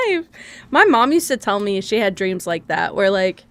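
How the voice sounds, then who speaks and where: A woman's voice: medium pitch, very animated, normal speed, fairly bright tone. A young woman streaming a video game, chatting casually with her viewers, laughing often and swearing freely.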